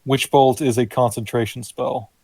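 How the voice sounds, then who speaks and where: A man in a tabletop game session, speaking in a dark, mellow voice. His remarks are dry and wry, and the sound is close and dead. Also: mid-range voice, fairly even intonation, normal speed, vocal fry, husky, no echo. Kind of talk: casual game chat.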